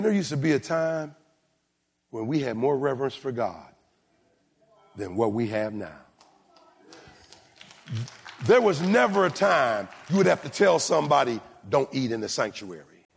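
A man preaching a sermon as pastor, moving between shouted lines and low, quiet asides. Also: vocal fry, slightly rough. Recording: long hall reverb.

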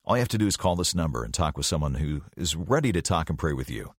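Very deep-voiced male radio announcer. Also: fast, breathy edge, no room sound, studio quality. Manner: calm, inviting, direct address to listeners.

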